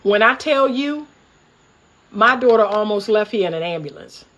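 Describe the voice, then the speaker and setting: A middle-aged woman from the Washington D.C. area hosts a livestream as a relationship coach, delivering a commentary monologue that's fired-up, preachy and candid. Her mid-range voice is slightly bright, with lively intonation and a moderate pace.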